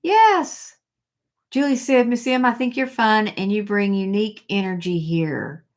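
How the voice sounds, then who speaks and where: A woman's voice: mid-range voice, moderate pace. A middle-aged woman hosting a casual live chat, rambling and reading viewer comments aloud.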